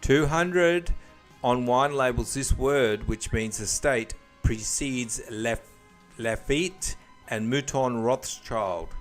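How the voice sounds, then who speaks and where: Guy running a quiz game on a podcast, reads the clues then cracks jokes, mid pitch, chatty. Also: slow, faint music behind. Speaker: quiz host.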